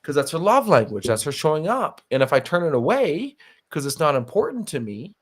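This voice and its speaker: A man's voice: fairly high pitch, sing-song, a little fast, breathy edge. Earnest man hosting a podcast. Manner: earnest, emphatic advice-giving. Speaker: podcast host. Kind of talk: casual podcast conversation.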